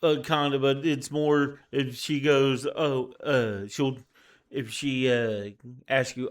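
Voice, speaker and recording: A tired man co-hosting a casual podcast chat, telling stories with lively quoted voices. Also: medium pitch, slow pace. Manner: animated storyteller, acts out quoted voices. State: tired, yawning. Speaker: podcast co-host.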